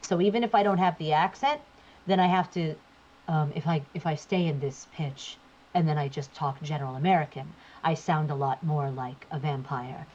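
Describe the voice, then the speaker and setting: A woman's voice: deep voice, moderate pace, darkish tone. A woman from New Jersey, a voice actor guest chatting casually while gaming and shifting where her voice sits as she talks. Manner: chatty, shifts voice placement to demonstrate. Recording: dull lo-fi sound.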